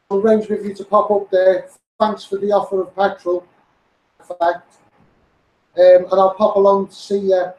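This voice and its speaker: A man's voice: sits high, a little mellow, reverberant, recorded from a distance, poor audio. A man with a mixed Scouse and Essex accent, ranting passionately on a live stream, greeting his viewers by name and repeating himself. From England. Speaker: campaigner live-streaming to followers. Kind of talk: impassioned live-stream rant.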